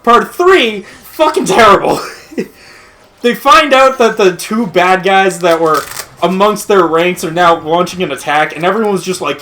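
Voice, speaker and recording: A man's voice: sits high, normal speed, bright, forceful tone, a little hiss or hum. Man, casual game commentary, ranting, swears a lot, laughs between lines. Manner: profane, laughing rant. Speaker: let's play commentator.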